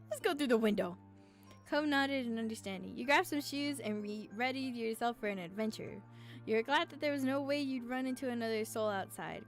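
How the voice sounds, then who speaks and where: Young female streamer, high voice, reads game text aloud, gets teary and swears casually. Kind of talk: reading a romance game aloud while playing.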